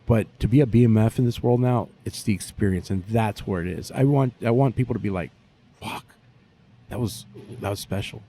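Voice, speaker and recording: A man, a barbecue pitmaster telling stories in a profane, animated way during a casual interview. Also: lowish voice, a little fast, a little hiss or hum.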